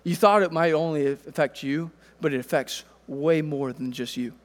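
A man in his thirties preaching a sermon, telling a family story in a relaxed, conversational way. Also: on the high side, normal speed, in a large hall. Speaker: pastor.

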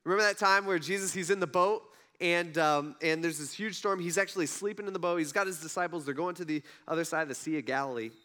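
A man's voice: fairly high pitch, fast talker, bright, forceful tone. A man giving a casual storytelling sermon, retelling stories in a conversational way and acting out the quotes. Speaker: preacher.

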